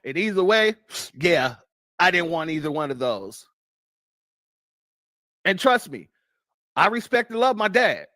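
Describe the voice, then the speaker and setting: A man's voice: high voice, very animated, unhurried, long pauses, pushed and bright, no echo, studio quality. A man from the United States hosting a news commentary show, talking bluntly and profanely and telling stories from his childhood. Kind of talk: casual commentary.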